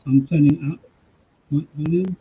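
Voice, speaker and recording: A man's voice: fairly high pitch, fairly even intonation, measured pace, slight background noise. A man co-hosting a live stream, talking hesitantly while he fixes his audio on a muffled webcam mic. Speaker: co-host of a paranormal live stream. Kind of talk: casual chat. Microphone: webcam mic on a video call.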